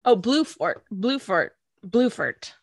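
A woman's voice: medium pitch, takes it slowly, no echo. Giggly woman in casual chat. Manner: giggly, animated, acts out quotes in silly voices. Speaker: podcast co-host. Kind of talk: casual chat recapping an anime episode.

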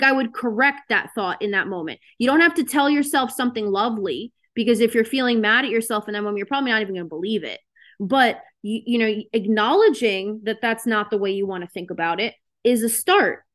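Hosting a self-help session over video call, a woman gives her group a casual pep talk in a fairly high voice, talking a little fast. She's frank and chatty, with lots of fillers.

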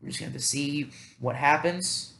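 A man's voice: a little high, moderate pace, creaky, sharp tone, roomy sound. A man hosting a casual solo podcast, thinking aloud in a rambling, self-deprecating way with many fillers. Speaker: podcast host.

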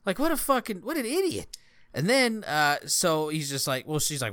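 A man chatting casually and swearing freely as he tells a story with animated energy. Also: a little high, moderate pace, no room sound. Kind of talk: casual chat.

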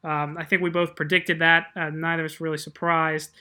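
A man co-hosting a casual sports chat, measured and quick to laugh. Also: fairly high pitch, little pitch movement, sharp tone. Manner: measured, chatty, laughs easily. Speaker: podcast co-host.

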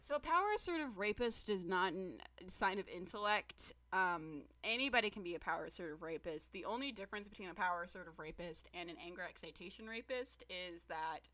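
A woman chatting casually as a podcast co-host, recapping a TV episode with profane, animated storytelling and acting out the characters' lines. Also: fairly low pitch, a little fast, few pauses.

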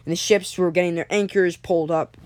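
A young storyteller improvising a story episode, halting, with frequent restarts and self-corrections. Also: mid-range voice, steady tone, no room sound.

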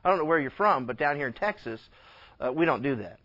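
A pastor doing a stubborn old-school farmer. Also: male voice, on the high side, expressive, fast, sharp tone. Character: stubborn rural male farmer, unbudging. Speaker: pastor telling a joke. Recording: dull lo-fi recording.

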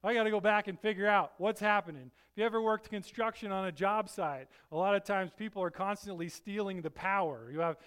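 In his sermon, a middle-aged pastor speaks in an easygoing, chatty way, peppering it with rhetorical "right?" asides. His voice is notably high for a man, smooth and brisk with few pauses, and now and then he breaks into loud, emphatic bursts.

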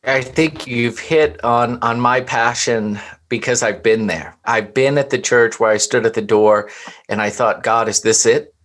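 Earnest pastor from Florida telling stories. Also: male voice, medium pitch, measured pace, fairly bright tone. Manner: earnest, preacherly storytelling. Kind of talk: personal testimony in conversation.

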